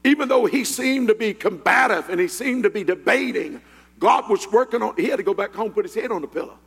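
A man with a high, gravelly and husky voice preaches a Pentecostal sermon. He tells his story quietly and then rises to shouted praise, and his voice rings with the long reverb of a large hall. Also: expressive, brisk. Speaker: pastor.

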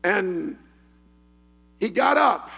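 A man with a high, gravelly and husky voice preaches a Pentecostal sermon. He tells his story quietly and then rises to shouted praise, and his voice rings with the long reverb of a large hall. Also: sing-song, extremely slow. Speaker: pastor.

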